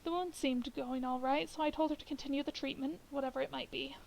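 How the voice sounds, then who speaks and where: A woman reading the lines of a skeptical country doctor who answers briskly and dismissively. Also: high voice, fairly even intonation, gravelly, a little mellow, slight background noise, low-quality recording.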